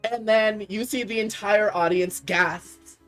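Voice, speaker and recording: A woman narrating as game master, relaxed and chatty, with frequent fillers and laughs. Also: medium pitch, takes it slowly, soft background music.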